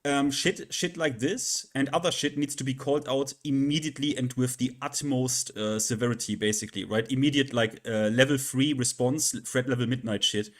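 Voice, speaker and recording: A man hosting a casual gaming discussion, talking bluntly with swearing and halting starts. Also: mid-range voice, fairly even intonation. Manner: blunt, profane, hesitant starts.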